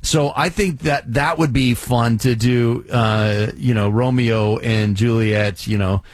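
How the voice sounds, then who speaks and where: A man's voice: medium pitch, steady tone, slow pace, hardly any pauses, no room sound. A man, a community theater director and playwright, answering interview questions in a chatty, enthusiastic way with frequent restarts.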